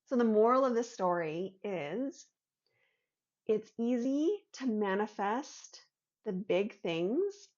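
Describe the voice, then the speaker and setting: A woman's voice: medium pitch, dull audio. A woman vlogger telling a personal story and explaining an idea in an earnest way, acting out her own inner thoughts as she goes.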